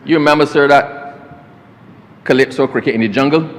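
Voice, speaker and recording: In the long-reverberating space of a parliament chamber, a Barbadian government minister gives a formal address in a mid-range voice at normal speed, pausing at length. He repeatedly calls the chair sir and slips into homespun anecdotes.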